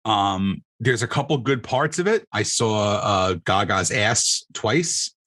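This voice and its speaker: A male comedian co-hosting a relaxed podcast, tearing into things with sarcasm and plenty of swearing. His voice is slightly husky and swings widely in pitch. The sound is dry and close. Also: takes it slowly, no echo. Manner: profane, sarcastic ranting. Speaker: comedian co-host. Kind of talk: casual podcast chat.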